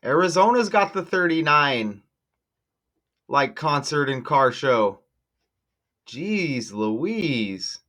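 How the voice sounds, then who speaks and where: A man hosting his own channel, talking casually and excitedly to viewers while walking through on-screen material, exclaiming often. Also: on the high side, takes it slowly, pauses often. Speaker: channel host decoding news numbers. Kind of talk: casual screen-share commentary.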